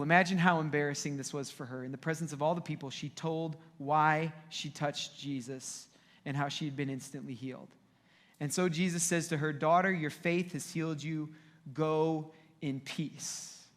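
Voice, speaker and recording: Animated young man preaching in a hall. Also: high-pitched. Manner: casual, animated storytelling with quick asides. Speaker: youth pastor. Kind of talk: youth sermon, retelling a scripture story. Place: church hall or auditorium, livestream.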